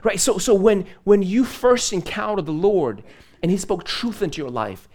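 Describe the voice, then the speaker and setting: A man's voice: high voice, lively intonation, moderate pace, darkish tone. A man preaching a live sermon in church, from Moldova, chatty and conversational, laughing and adding asides. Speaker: pastor.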